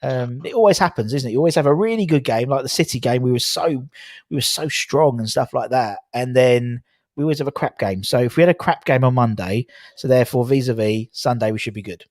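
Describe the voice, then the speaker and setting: A man hosting a fan live-stream, chatting casually about football with callers, often animated and swearing now and then. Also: mid-range voice, brisk, no room sound, clean studio sound. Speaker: host of a fan live-stream call-in show. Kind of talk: casual chat and football opinion.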